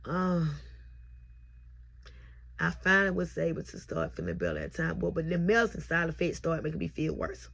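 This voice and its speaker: Gravelly-voiced young woman telling her story. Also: low voice, big pitch swings, moderate pace, long pauses, a bit bright. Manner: heartfelt, repetitive storytelling. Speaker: mother sharing a birth testimony. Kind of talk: emotional personal testimony. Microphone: self-recorded on camera.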